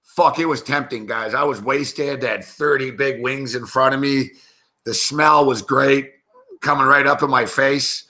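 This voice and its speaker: A man's voice: mid-range voice, steady tone, a little slow, pushed and bright. A man hosting live betting commentary, telling a rambling, profane story with plenty of laughs between game calls. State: tipsy, recounting a night of drinking. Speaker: sports betting show host.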